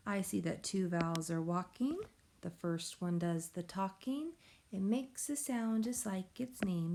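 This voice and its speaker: A woman teacher giving a recorded phonics lesson to young children, explaining slowly and patiently in a sing-song way. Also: medium pitch, background noise. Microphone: tablet or device mic.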